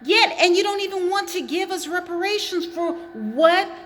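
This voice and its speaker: A woman's voice: very high voice, animated, normal speed, fairly bright tone, long reverb tail. A woman talking straight to the camera in an impassioned monologue, with emphatic, accusatory phrasing and pointed repetition. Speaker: vlogger.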